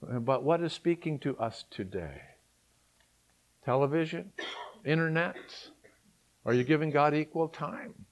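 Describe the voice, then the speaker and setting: A man's voice: on the high side, animated, a little slow, pauses often. Emphatic preaching man. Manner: emphatic preaching with rhetorical questions. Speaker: pastor. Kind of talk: sermon.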